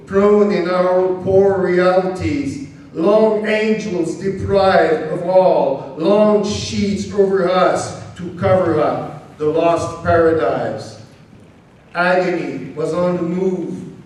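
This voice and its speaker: Man, high voice, slow poetry reading, deep echo, distant mic, faint hiss. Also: a little mellow. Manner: slow, measured delivery with long pauses. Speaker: poet reading at an event. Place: large church used as a reading venue. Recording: very echoey church hall, mic far off.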